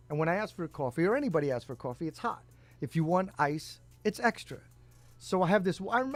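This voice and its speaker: Guy cohosting a chill talk show, kinda high voice, laughs a lot and swears, faint music behind. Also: no room sound. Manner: storytelling, laughs often, swears. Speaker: podcast co-host. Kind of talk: casual chat.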